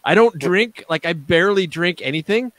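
A man's voice: high-pitched, lively intonation, moderate pace, fairly bright tone, dry recording. A man chatting casually on a panel show, telling stories and laughing easily. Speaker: guest panelist. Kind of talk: casual chat.

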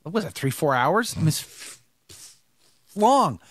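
Male live-show host, lively and animated, dry close sound. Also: on the high side, a little slow, husky, dry recording. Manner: animated, rambling, repeats words. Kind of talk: live-stream commentary and chat.

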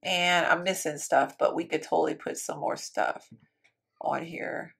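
A woman's voice: low voice, fairly even intonation, measured pace, creaky, a bit bright, slightly rough. A woman giving casual, chatty commentary while building in a life-sim game, thinking aloud and talking to her viewers. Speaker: Sims building YouTuber.

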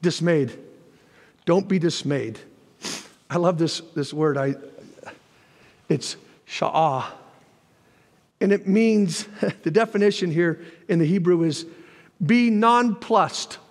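A man preaching a sermon as pastor, animated, with folksy asides to the congregation and sudden shouted lines. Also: fairly high pitch, slow, pauses often, big-room sound. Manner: animated preaching, jumps to shouts when voicing God.

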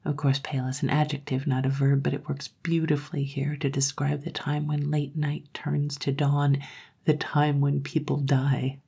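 Brief: woman storyteller, low and gravelly, hushed whispery reading. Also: flat delivery, moderate pace. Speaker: story narrator. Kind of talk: audiobook storytelling.

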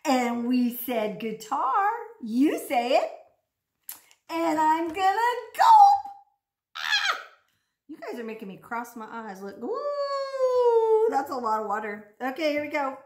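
A woman speech therapist coaches children through sound drills in a playful, exaggerated voice. Her pitch sits high and leaps around in sing-song swoops, and she takes her time over every word. The room around her is echoey. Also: huge pitch swings, takes it slowly, darkish tone. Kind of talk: speech practice lesson for children. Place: home room.

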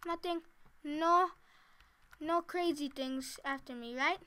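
A woman's voice: sits high, slow, sharp tone. A woman casually talking to herself while she plays a building game, chatty and giggly. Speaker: gameplay commentator. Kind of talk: casual let's-play commentary.

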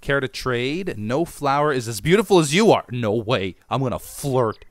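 A man riffs on a game he is playing, joking with his viewers in a playful, bouncy voice. His pitch jumps around a lot, and the sound is dry and close. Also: very animated, normal speed, no echo. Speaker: gaming channel host. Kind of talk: casual gameplay commentary.

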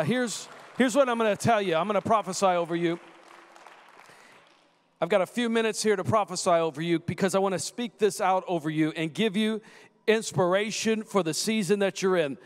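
A man in his thirties preaches with a high, lively voice that carries through a long, echoing hall reverb. He tells stories animatedly, acting out voices and building to shouts. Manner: animated storyteller who acts out quoted voices and rises to shouts. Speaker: guest preacher. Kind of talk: sermon with personal storytelling.

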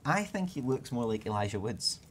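A man's voice: medium pitch, sing-song, a little fast, a little hiss or hum. A British man hosting a game stream, chatting casually and joking while he plays. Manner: playful, joking, thinks aloud. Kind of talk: casual let's play chat.

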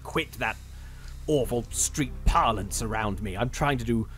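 Snooty gaunt lab-coat type, slow and sneering, as a game master puts him on. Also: male voice, medium pitch, fairly bright tone, soft background music, lightly acted. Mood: disdainful. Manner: pompous, drawn-out. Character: haughty gaunt male scientist, snobbish.

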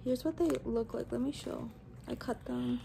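A woman's voice: fairly high pitch, moderate pace, vocal fry, dark tone. A young woman, a student, chatting in a casual cooking vlog, mostly whispering in her home kitchen late at night. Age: young adult. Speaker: student vlogger.

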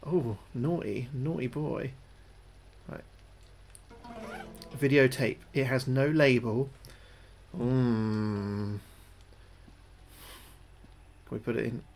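A British man with a gravelly, creaky voice at a middle pitch, commenting live on a game as he plays. He chats as he goes, says the same phrase twice over and thanks his viewers between moves. When something spooks him he gets jumpy and loud. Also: drawn-out words, long pauses, a little hiss or hum. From United Kingdom. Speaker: gaming livestreamer.

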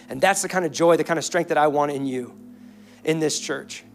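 A young man delivers a sermon from a church stage. His voice is high, and he swings between urgent intensity and quiet, hushed stretches. Faint music plays softly behind him. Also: brisk. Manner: earnest preaching, rises and falls between intense and hushed. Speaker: pastor. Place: church auditorium.

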